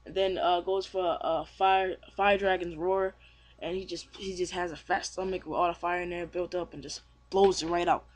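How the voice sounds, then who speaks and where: A man's voice: sits high, flat delivery, normal speed. A young man casually reviewing a manga chapter, rambling with many fillers and restarts. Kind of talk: casual chat.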